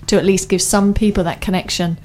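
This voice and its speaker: A woman's voice: medium pitch, fairly even intonation, brisk, darkish tone. Chatty enthusiastic woman radio host. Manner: chatty and enthusiastic, runs on in long sentences. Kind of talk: casual studio chat.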